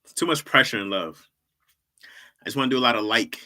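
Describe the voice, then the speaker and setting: A man's voice: mid-range voice, fairly quick, pushed and bright. A man hosting a livestream in casual chat, rambling and joking and laughing often. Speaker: livestream host.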